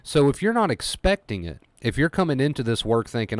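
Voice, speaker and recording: Male coach, mid-pitched voice, dry close mic; emphatic, repetitive, voicing anxious thoughts in quotes. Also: big pitch swings, fairly quick, hardly any pauses, no echo. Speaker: anxiety recovery coach. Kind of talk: solo motivational talk to camera.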